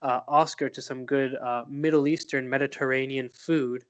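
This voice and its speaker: A man's voice: medium pitch, fairly even intonation, moderate pace. A young man co-hosting a podcast, telling stories in an upbeat, rambling way with many fillers. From Palestine. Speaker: podcast co-host. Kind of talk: casual chat.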